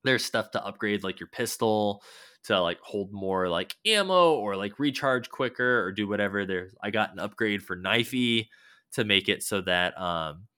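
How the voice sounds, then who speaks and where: A man's voice: fairly low pitch, moderate pace, sharp tone, clean tone, no echo, clean studio sound. A man casually rambling about a video game, loose and swearing now and then, with many fillers.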